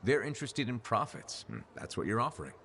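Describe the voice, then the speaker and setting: An actor playing a deadpan, teasing mercenary hero in video game dialogue. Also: male voice, medium pitch, fast talker, creaky, a little hiss or hum. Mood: dry. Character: dry-witted male mercenary hero.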